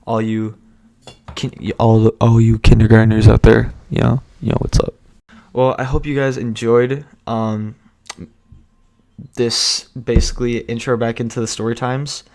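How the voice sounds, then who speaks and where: A man's voice: mid-range voice, flat delivery, measured pace, darkish tone. Rambling young man telling a storytime. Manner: rambling, self-interrupting, laughs often. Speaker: vlogger. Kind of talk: casual storytime vlog.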